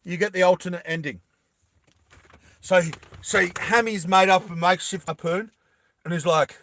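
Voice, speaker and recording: An excitable young man chats with his viewers, rambling and stopping to correct himself along the way. His voice sits a touch high and sounds bright and forward. The recording is close and dry. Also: normal speed, long pauses, dry recording. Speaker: animated film creator. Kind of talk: casual storytelling to viewers.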